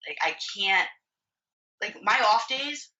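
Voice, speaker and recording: A woman's voice: mid-range voice, animated, slow, pushed and bright, recorded from a distance, highs cut off. A woman in her twenties, a podcast guest, telling her story in candid casual chat, swearing freely and saying "like" a lot. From Florida. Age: 20s. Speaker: podcast guest, bodybuilding competitor.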